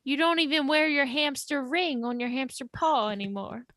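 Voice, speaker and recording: A woman improvising comedy scenes on a livestream, playful and deadpan. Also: high-pitched, moderate pace, no room sound, studio quality. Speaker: improv performer and podcast host.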